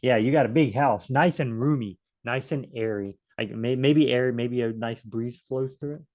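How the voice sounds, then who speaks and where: A man's voice: mid-range voice, normal speed, a little mellow, lo-fi sound. A man leading a casual Bible study, thinking aloud and adding joking asides as he reads verses.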